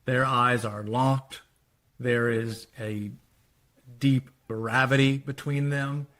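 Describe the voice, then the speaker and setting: A man's voice: mid-range voice, steady tone, slow pace, a bit bright. A man, a screenwriter, casually talking through his screenplay treatment scene by scene, with loose phrasing and quoted dialogue.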